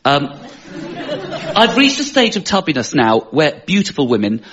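A man with a posh English accent doing self-deprecating stand-up, his pitch sitting a little high and swinging widely. The recording is dull and lo-fi, with a loud studio audience roaring behind him. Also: wildly swooping pitch, normal speed, a crowd in the background. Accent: English, posh southern. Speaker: stand-up comedian. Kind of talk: stand-up routine on a comedy panel show. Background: loud studio audience laughter.

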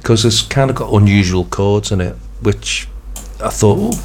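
Hoarse male radio co-host, low-pitched, halting casual delivery, faint noise. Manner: hesitant, halting with fillers. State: hoarse, losing his voice. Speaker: radio co-presenter.

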